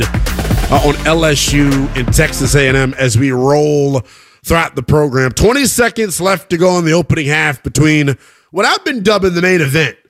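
A man hosting a live sports radio show, hyping scores with swings between loud calls and low asides.

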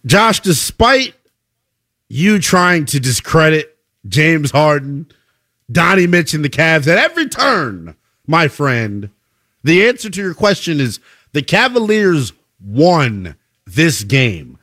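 A male sports radio host, animated and boastful, teasing his co-host and callers. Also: on the high side, takes it slowly, dry recording, clean studio sound. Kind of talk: sports talk radio debate.

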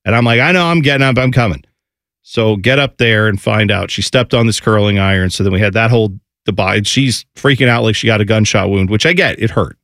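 A man in his thirties telling a lively family story in casual chat, acting out his kids' voices. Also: lowish voice, a little fast, hardly any pauses, no room sound, clean studio sound. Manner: animated, acts out family voices.

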